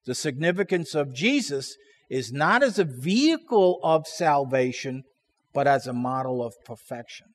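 A man teaching from scripture in a sermon style, slow and emphatic, often repeating key words for stress. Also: mid-range voice, expressive. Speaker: preacher.

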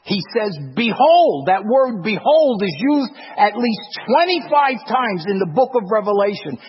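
A man preaching a sermon with emphasis, dropping to a hush and then rising to forceful lines, repeating phrases for effect. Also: high voice, expressive, unhurried, slight background noise. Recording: dull, long-reverb hall sound.

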